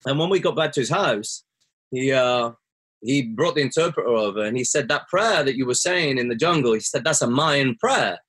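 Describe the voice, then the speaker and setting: A man's voice: medium pitch, lively intonation, moderate pace, fairly bright tone, breathy edge. A man telling a personal story as a guest. He talks earnestly and reflectively, and his voice jumps up when he quotes his own words. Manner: earnest, rises sharply when quoting himself.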